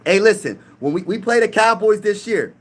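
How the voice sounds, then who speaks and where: Hosting casual sports talk on a live stream, a young Pennsylvania man reads the chat aloud, hyped and trash-talking. He speaks at normal speed with lively intonation, his voice sitting high.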